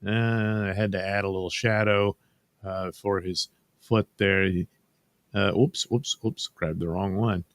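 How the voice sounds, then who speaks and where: A cartoonist walks through his digital artwork in a slow, unhurried drawl with a fairly low voice. He rambles and drops dry, sardonic jokes along the way. The recording is dry and close, with no room sound. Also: fairly even intonation, dry recording. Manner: rambling, wry and sardonic asides. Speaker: cartoonist and channel host. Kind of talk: casual narration over a drawing screencast.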